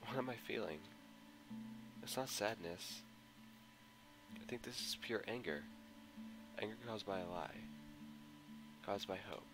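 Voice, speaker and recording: A man's voice: on the low side, a little slow, pauses often, rough recording. A man giving a dramatic first-person narration of a visual novel with an emotional, anguished delivery. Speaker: visual novel mod reader. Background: guitar music.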